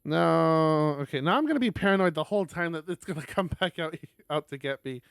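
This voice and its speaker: A man's voice: fairly high pitch, animated, a little fast, gravelly, clean tone, no room sound, clean studio sound. A young man streaming, reading a visual novel aloud with laughing, rambling asides.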